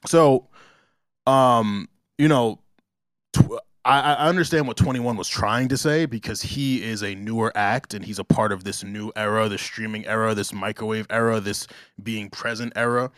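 A man from New Jersey talks casually on a podcast in a lowish voice. He loops through fillers and self-corrections as he works out his point. The sound is dry and close to the mic. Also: normal speed, a bit bright, no room sound. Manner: conversational, filler-heavy with restarts. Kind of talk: casual chat.

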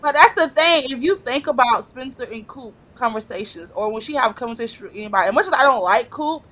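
A woman chatting casually about a TV show, quick and argumentative. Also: fairly high pitch, expressive, fairly bright tone, dull audio.

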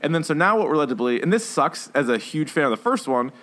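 A man co-hosting a podcast, chatting casually about films in a rambling way, full of fillers and animated retellings. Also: a little high, fast talker. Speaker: podcast co-host. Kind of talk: casual chat reviewing films.

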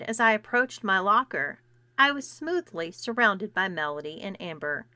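A woman reading a story aloud in scripted narration, acting out the characters' dialogue with shifts in pitch and loudness. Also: no room sound. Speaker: erotica podcast reader.

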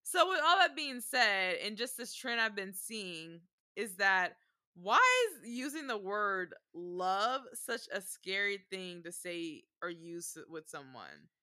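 A woman's voice: medium pitch, animated, slow, pushed and bright. A young woman in a casual couple's debate, pressing her partner with pointed questions.

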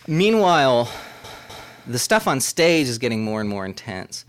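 A man from Boston, a radio reporter, telling a long anecdote in a casual, lively way and acting out other people's lines in a higher voice. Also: a little slow. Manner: animated, acts out quoted voices in falsetto. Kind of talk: storytelling anecdote.

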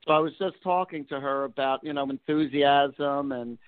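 A man's voice: medium pitch, moderate pace, smooth, no room sound. A man hosting a call-in show as a psychic, chatty and telling stories to callers. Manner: chatty, storytelling, affectionate with callers. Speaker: psychic radio show host. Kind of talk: casual call-in chat. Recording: phone-like narrow band.

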